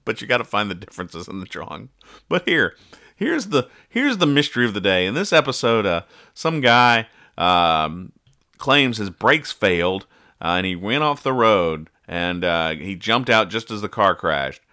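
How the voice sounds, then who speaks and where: A man's voice: lowish voice, big pitch swings, moderate pace, sharp tone. A man hosting a casual podcast, dryly and sarcastically explaining comic strip jokes. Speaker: podcast host.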